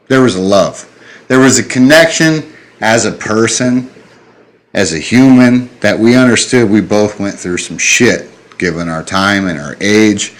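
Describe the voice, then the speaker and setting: Deep-voiced man telling a heartfelt story. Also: fairly bright tone. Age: 30s. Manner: earnest, choked up, plain-spoken with swearing. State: slightly tipsy. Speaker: podcast host. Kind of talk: emotional storytelling.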